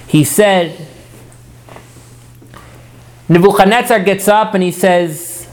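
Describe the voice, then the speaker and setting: A man's voice: high voice, slow pace, long pauses, a little mellow. A man teaching a Torah class, often repeating words as he starts and putting questions to his listeners.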